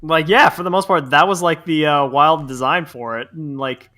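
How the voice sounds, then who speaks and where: A man's voice: a little high, steady tone, moderate pace, pushed and bright. A young man from Central New Jersey, co-hosting a podcast in a casual, rambling chat full of fillers. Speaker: podcast co-host.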